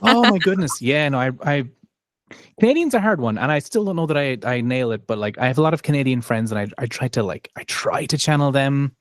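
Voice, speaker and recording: A man with an Irish accent chats about his audiobook narration work, modest and self-deprecating, often restarting his sentences. His voice sits in a middle pitch. The sound is dry and close to the mic. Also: lively intonation, fairly quick, no echo. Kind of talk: casual live chat.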